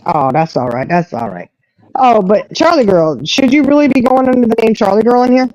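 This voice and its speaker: A woman's voice: fairly high pitch, a little fast, no echo. A woman hosting a live stream, telling a story in casual chat and acting out what other people said. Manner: animated storyteller who acts out others' lines. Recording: muffled lo-fi dry audio.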